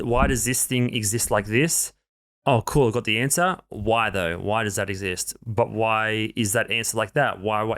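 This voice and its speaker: A man's voice: fairly low pitch, a bit bright. A young man co-hosting a podcast, musing in a casual, somewhat weary way and often trailing off. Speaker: podcast co-host. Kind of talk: casual chat.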